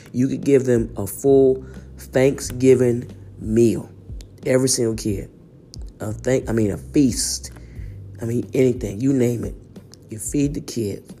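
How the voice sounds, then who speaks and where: A man's voice: mid-range voice, mellow. A man hosting his own podcast in a casual, rambling monologue, with a slight cold. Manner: laid-back, rambling, says "man" a lot. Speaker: podcast host.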